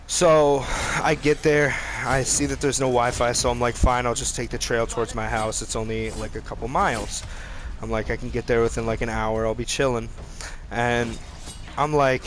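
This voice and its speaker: A man's voice: medium pitch, fairly bright tone, a little hiss or hum. Profane young man telling a story. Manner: profane, rambling, slangy. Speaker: vlogger. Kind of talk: casual storytelling vlog.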